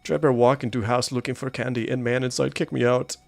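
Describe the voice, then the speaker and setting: A man voicing a dim, hungry male bear monster who speaks in slow broken grammar. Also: medium pitch, fairly even intonation, creaky, no echo, close to an everyday voice. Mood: grumpy.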